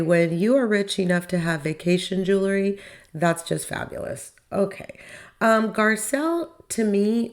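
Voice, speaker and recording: A woman hosting a podcast, recapping a reality show in a casual, opinionated way with wry asides and rhetorical questions. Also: on the low side. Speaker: podcast host.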